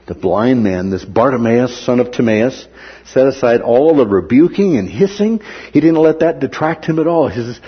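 A man's voice: mid-range voice, moderate pace, husky, highs cut off. A man preaching a sermon who acts out the words of the people in the story. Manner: animated, acts out the characters' words.

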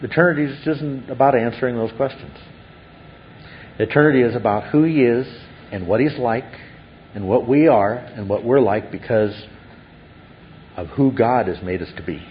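A man's voice: medium pitch, normal speed, dull audio, slight background noise. A man preaching a sermon as pastor, earnest and building to exclaimed wonder.

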